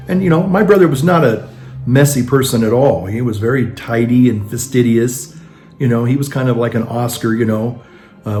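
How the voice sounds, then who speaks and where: A man's voice: medium pitch, a little mellow. A man talking casually in a monologue, rambling with frequent restarts and acting out the people he quotes. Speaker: vlogger.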